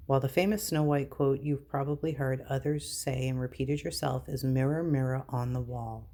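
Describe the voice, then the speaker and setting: A woman's voice: very deep voice, moderate pace. A woman vlogging casually, reading items aloud and reacting with exasperated disbelief. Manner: incredulous, exasperated, animated reactions.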